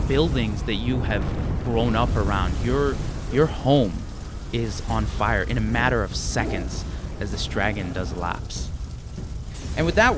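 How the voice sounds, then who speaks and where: A man narrating as game master, describing scenes in detail and sometimes repeating words as he thinks. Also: medium pitch.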